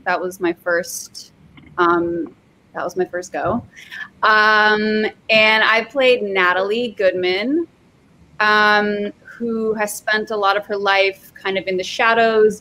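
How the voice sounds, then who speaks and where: Brief: young woman, very slow and hesitant, faint background hiss. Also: medium pitch, bright, forceful tone. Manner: hesitant, lots of fillers. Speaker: guest actress. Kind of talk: casual chat over video call. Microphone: video call.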